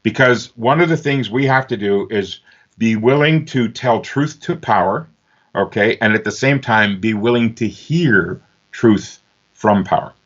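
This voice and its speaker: A man from Northern Ontario, Canada, telling stories as an interview guest, animated and fond of doing lively voices for the people in them. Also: lowish voice, unhurried. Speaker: interview guest, author and speaker. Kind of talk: animated storytelling. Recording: slightly dull lo-fi sound.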